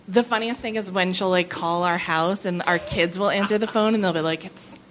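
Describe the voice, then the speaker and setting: A woman in her thirties telling a comic anecdote at a live venue, animated and often laughing. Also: lowish voice, brisk, slight background noise. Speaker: comedy writer guest. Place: live venue before an audience.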